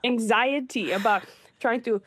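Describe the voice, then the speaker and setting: Animated woman telling a personal story. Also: unhurried, slightly rough, no echo. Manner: animated, acts out quoted voices with high pitch jumps. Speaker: interview guest, filmmaker.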